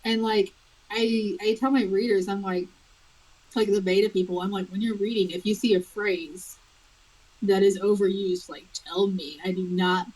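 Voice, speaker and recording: A woman with a husky, slightly breathy voice talks through an interview as the guest author. She chats casually and animatedly, laughing often between thoughts. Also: medium pitch, fairly even intonation, moderate pace, darkish tone, low-quality recording.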